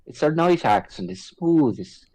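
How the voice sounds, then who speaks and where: A man in casual chat, rambling with halting restarts. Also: on the high side, lively intonation, mellow, poor audio.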